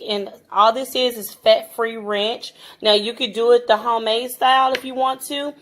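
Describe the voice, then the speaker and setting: A woman's voice: fairly high pitch, fairly bright tone. A woman vlogger talking viewers through a home cooking tutorial in a chatty way, calling them guys and stammering now and then.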